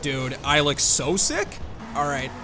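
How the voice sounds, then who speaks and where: A man's voice: on the high side, big pitch swings, slow pace. A man hosting a gaming channel, giving casual, jokey gameplay commentary and often saying "dude". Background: game music.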